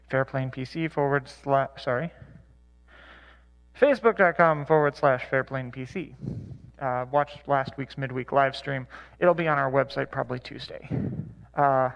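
High-voiced man teaching a casual Bible class. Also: gravelly, fairly bright tone, highs cut off. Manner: chatty, many fillers and self-corrections. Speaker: church Bible study teacher. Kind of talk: casual teaching talk with anecdotes.

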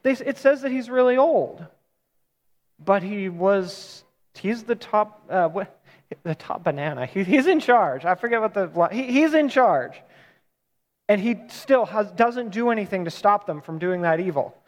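In a large hall with long reverb, a high-voiced pastor delivers a sermon at a measured pace. He retells things in a relaxed, chatty way and often stops to correct himself.

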